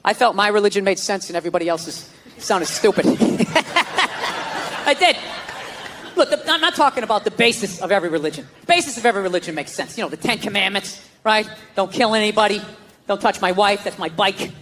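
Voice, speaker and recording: This high-voiced man talks at a quick pace while doing stand-up on a big theater stage, telling animated stories and acting out his own inner voice. The audio is very noisy, with live theater reverb and a faint audience.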